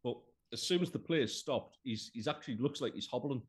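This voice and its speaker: A man's voice: mid-range voice, brisk, slightly rough. A man joining a live football stream as guest co-commentator, speaking out about the play and the refereeing. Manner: outspoken, complains about refereeing decisions.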